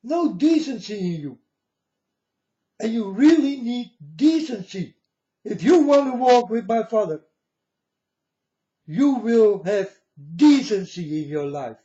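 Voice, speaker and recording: A man's voice: extremely high pitch, expressive, takes it slowly, warm tone. A man giving a preachy, lecturing monologue to his viewers, often turning to them as "folks" and asking if they understand. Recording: echoey room, dull lo-fi sound.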